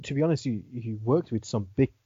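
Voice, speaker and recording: A man's voice: mid-range voice, brisk, warm tone, husky, no room sound. A man interviewing a former footballer, asking long, rambling questions with fillers. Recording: dull lo-fi sound.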